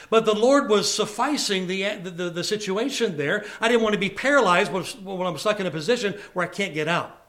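High-voiced preacher man telling stories. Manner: animated storytelling with congregation call-outs. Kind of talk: sermon with personal stories. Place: church service before a congregation.

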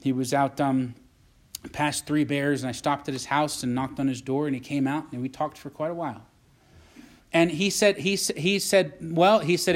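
Pastor, man, preacherly delivery with rising calls for agreement, voice sitting a little high. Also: fairly even intonation, moderate pace. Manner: preacherly, asks "Amen?" and "Does that make sense?", repeats phrases. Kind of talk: sermon.

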